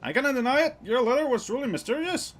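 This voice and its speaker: A man's voice: very high-pitched, sing-song, fast, voice pushed up, heavily acted. A man voicing an anxious male doctor who asks worried questions in a raised, fretful voice.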